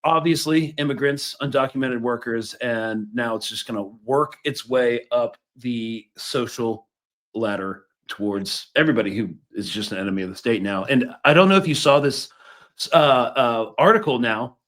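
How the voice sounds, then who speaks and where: A man's voice: mid-range voice, moderate pace, fairly bright tone. A man hosts a podcast in a casual, conversational way. He reads a news item aloud to his guest, then shares his view of it. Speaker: podcast host.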